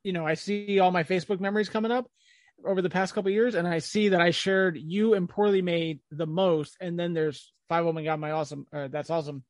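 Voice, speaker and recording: A man's voice: high-pitched, fairly even intonation, quick pace, no echo. Man chatting casually in a dry room. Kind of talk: casual chat.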